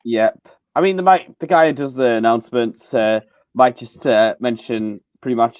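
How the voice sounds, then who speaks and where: A man's voice: mid-range voice, normal speed, clean tone, no echo. Male co-host on a live football chat, hesitant, filler-heavy, dull call audio. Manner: hesitant, many ums and uhs.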